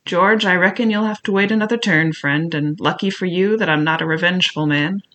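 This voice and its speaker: A man's voice: high voice, fairly quick, bright, forceful tone. Long John Silver, as a man puts him on. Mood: gloating. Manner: wheedling then bullying, rough sailor talk. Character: cunning one-legged male pirate cook, scheming. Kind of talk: audiobook character voice.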